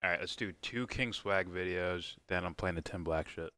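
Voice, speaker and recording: A man's voice: low-pitched, moderate pace, sharp tone, smooth, dry recording. A man hosting a casual livestream, reacting and chatting in a rambling, giggly, profane way. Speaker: livestream host.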